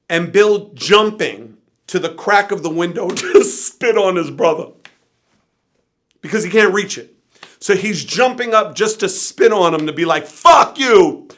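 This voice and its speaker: A bright, animated man telling a story. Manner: animated, profane anecdote telling; shifts between energetic bursts and low tired murmurs. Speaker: interview guest. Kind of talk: storytelling in an interview.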